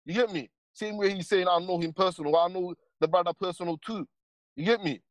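On a stream panel, a man rants casually and heatedly, rambling and full of street slang and repeated tags. His voice sits high and brisk, with no echo.

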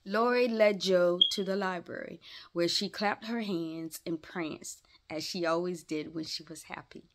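A woman reading a classic novel aloud in a gentle storytelling way, now and then stopping to chat with her listeners. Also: on the low side, steady tone. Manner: slow, gentle read-aloud with asides to listeners. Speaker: storybook reader.

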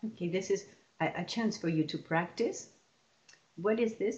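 A woman leading a lesson for teachers, explaining patiently and stretching example words out slowly. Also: mid-range voice, animated, darkish tone, muffled recording. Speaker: teacher trainer.

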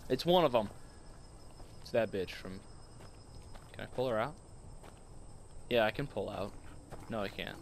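A man's voice: medium pitch, lively intonation, a little slow, pauses often, a little hiss or hum. A man giving casual, profane, joking commentary while playing a video game, laughing often. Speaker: gamer. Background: game music and sounds.

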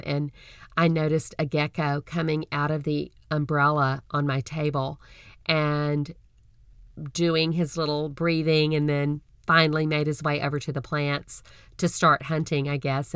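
A middle-aged woman hosting her own podcast, talking in an earnest, folksy and gently encouraging way. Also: sits low, smooth, dry recording, studio quality. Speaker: podcast host. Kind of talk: personal podcast talk.

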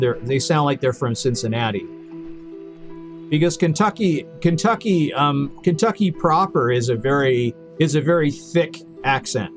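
A man streaming a video game, chatting casually with viewers and repeating himself as he rambles. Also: medium pitch. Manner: rambling, repeats words and restarts often. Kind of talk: casual live-stream chat while gaming.

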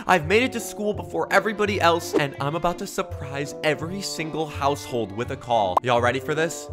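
A man role-playing a school principal in a comedic game video, talking in exaggerated, shouty bursts over loud background music. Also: fairly high pitch, expressive, brisk, hardly any pauses.

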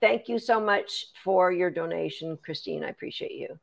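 A woman's voice: fairly low pitch, moderate pace, vocal fry. A woman, a dog trainer, chatting through a live Q&A, explaining training steps and thanking viewers by name. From Canada. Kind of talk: live-stream Q&A.

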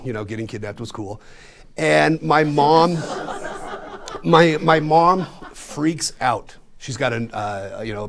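A man in his forties from Colorado performs a comic story before a live studio audience. His voice sits at a middle pitch, and his delivery is animated and self-deprecating, jumping from loud bursts to hushed asides. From Colorado, USA. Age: 40s. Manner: animated, self-deprecating, with sudden swings in loudness. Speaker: storyteller and magician.

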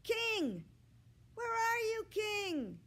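A woman voicing an eager young girl in a storybook, calling out in a high, bright voice. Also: wildly swooping pitch, extremely slow, full character voice.

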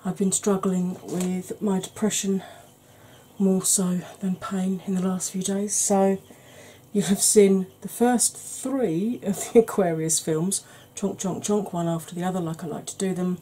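Slow, mellow-voiced woman host. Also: mid-range voice, steady tone, slight background noise. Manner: chatty, rambling, self-deprecating asides. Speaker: makeup channel host. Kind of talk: casual makeup tutorial chat.

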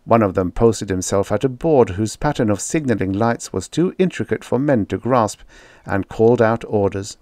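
A man reads a science fiction story aloud as an audiobook narrator, in a low-pitched voice. His delivery is steady and dramatic, scripted narration paced for tension. The sound is dry and close to the mic. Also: moderate pace, no echo.

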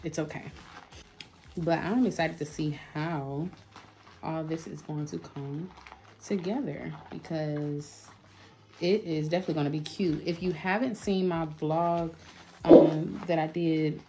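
A woman's voice: deep voice, fairly even intonation, unhurried, mellow, a little hiss or hum. A woman, chatting casually to her viewers in a home vlog, full of fillers and asides. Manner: chatty, addresses viewers as y'all, lots of fillers. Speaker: vlogger. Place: home office.

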